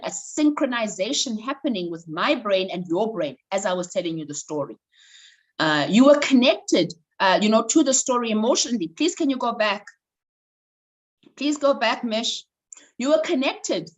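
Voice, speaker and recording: Animated woman telling a story. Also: a little high, rough recording. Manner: animated storyteller with many fillers. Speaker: speaker and workshop host. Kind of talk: storytelling talk in an online session.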